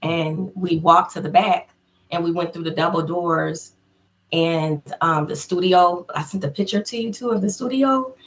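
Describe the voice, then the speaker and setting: A woman guest in an interview, telling an excited story in casual talk, laughing often and acting out what people said. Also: on the low side, normal speed. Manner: excited, acts out quotes in a raised voice; laughs often between phrases.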